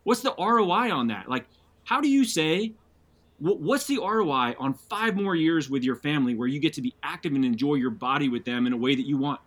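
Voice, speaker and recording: A man speaking as a guest on a podcast, animated and loose, with plenty of swearing and fillers. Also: fairly high pitch, a little fast. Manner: animated, swears freely, frequent fillers and restarts. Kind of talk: casual podcast conversation.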